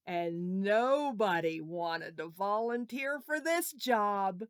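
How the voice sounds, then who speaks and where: A woman teaching a children's Sunday school lesson, talking slowly and playfully, coaxing the kids to repeat after her. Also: on the low side, no echo, studio quality.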